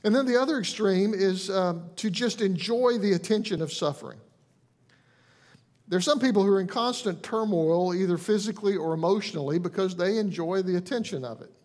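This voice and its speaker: A man pastor giving a conversational sermon, earnest and gentle, often restarting phrases and dropping softly into quoted lines. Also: high-pitched, fairly quick.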